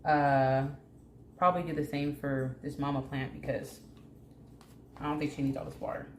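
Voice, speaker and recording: Woman, low voice, casual plant vlog chat, jokey, echoey room, faint hum. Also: level tone, normal speed. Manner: chatty, jokey, talks to plants. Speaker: plant care vlogger.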